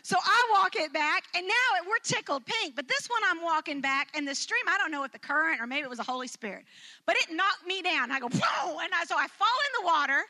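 An animated woman telling a personal story to a live audience. Her voice sits high and bright, and it leaps even higher when she acts out quotes. She laughs her way through the funny parts. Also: fairly quick. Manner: animated, acts out quotes with big jumps in pitch.

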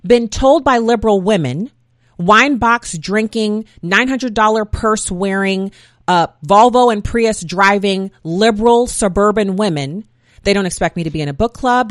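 A middle-aged woman speaking in an opinionated monologue, animated storytelling that acts out quotes and builds to emphatic points. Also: mid-range voice, dry recording, studio quality. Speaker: commentator sharing opinions.

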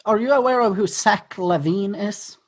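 A woman hosting a casual podcast chat, playful and quick to laugh. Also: mid-range voice, husky. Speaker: podcast host.

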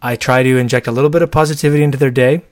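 A man co-hosting a casual chat, animated and talkative, acting out quoted voices in his stories. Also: medium pitch, very fast, no room sound, clean studio sound. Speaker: podcast co-host.

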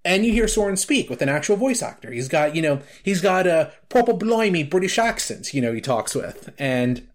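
A man's voice: on the high side, very animated, normal speed, few pauses. Rambling man chatting about a game. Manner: rambling, heavy on filler words and restarts. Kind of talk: casual chat about a video game.

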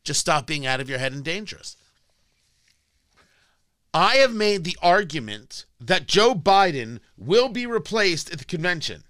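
Combative male talk radio host, sarcastic, bright and tense, close and dry. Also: high-pitched, very animated, a little slow, no room sound. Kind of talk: political talk radio monologue. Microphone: studio microphone.

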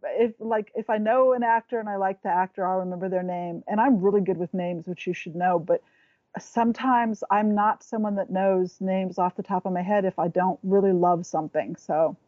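A woman's voice: mid-range voice, fairly even intonation, normal speed, dry recording, lo-fi sound. A woman talking as a guest in a casual chat, rambling and restarting as she searches for words.

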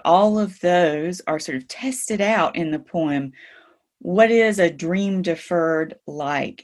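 A woman with a somewhat low voice teaches poetry over a video call. She explains patiently, filling pauses with ums and checking in with a rhetorical "right?". Her delivery is the loose style of a live online lesson.

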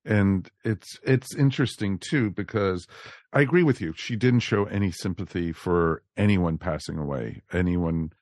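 A man's voice: low-pitched, normal speed, a little mellow, no echo, studio quality. A man co-hosting a podcast, chatting in an easygoing way with fillers. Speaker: podcast co-host. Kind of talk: casual review chat.

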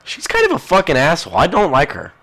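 Animated, profane young-sounding podcast host man. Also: fairly high pitch, fast. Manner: crude, profane, rambling and jumpy. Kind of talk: casual rambling podcast chat.

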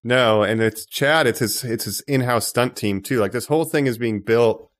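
A man's voice: mid-range voice, moderate pace. A man co-hosting a movie podcast, making emphatic points and mock pleas in casual chat. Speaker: podcast co-host.

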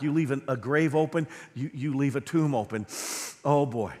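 A middle-aged male pastor preaching a sermon, swinging from quiet, low lines to loud, fervent ones. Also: normal speed. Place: church sanctuary. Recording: long reverb of a large hall.

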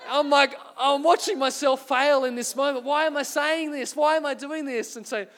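A man's voice: very high voice, steady tone, moderate pace, a bit bright. An Australian man preaching a sermon as pastor, earnest and self-deprecating as he tells a story.

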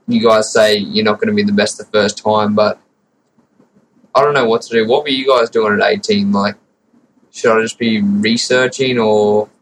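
A teenage Australian man leaves an earnest, rambling voicemail. His voice sits low and stays flat, with little rise and fall. A faint hiss hangs behind it. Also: poor audio. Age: teens. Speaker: caller. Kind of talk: recorded listener voicemail.

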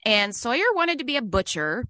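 Bright chatty woman. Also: on the high side, normal speed, no echo. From Mississippi. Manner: chatty, animated storytelling. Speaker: podcast co-host. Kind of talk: casual chat.

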